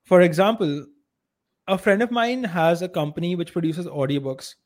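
A man's voice: sits high, moderate pace. A man with an Indian accent co-hosting a podcast, talking bluntly and with strong opinions. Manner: blunt, opinionated, uneven loudness. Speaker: podcast co-host. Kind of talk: casual podcast chat.

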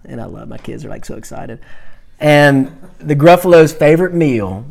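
A man teaching a Bible class in a conversational, animated way, talking back and forth with his students. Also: mid-range voice, moderate pace, vocal fry.

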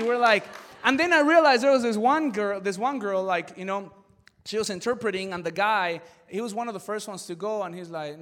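Male pastor, high and bright, chatty sermon storyteller, animated, goes quiet and earnest for the message. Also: a little fast, in a large hall. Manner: animated, excitable storytelling with many "like" fillers; drops to a hushed, earnest tone for serious points.

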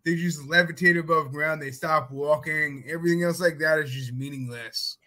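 A man chats loosely, piling up fillers as he spins rambling comic stories. His voice sits a bit high and sounds very bright and forward. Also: steady tone, normal speed, poor audio. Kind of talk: casual podcast chat.

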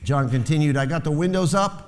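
A man's voice: a little high, fairly quick, a little hiss or hum. A man preaching a sermon as pastor, lifting his voice to stress key phrases. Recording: long hall reverb.

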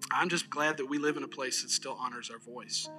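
Male pastor: bright, lively storyteller preaching to his church, peppers talk with amens. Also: mid-range voice, a little fast, soft background music. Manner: conversational, animated storyteller, frequent "amen". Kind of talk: sermon. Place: church service.

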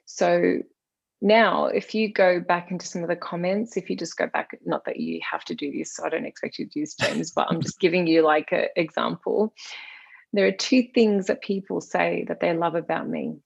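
A calm, soft-spoken woman with an Australian accent, chatting casually as a guest. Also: on the low side, moderate pace, vocal fry, slightly rough, dry recording. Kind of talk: casual chat. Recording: slightly dull lo-fi sound.

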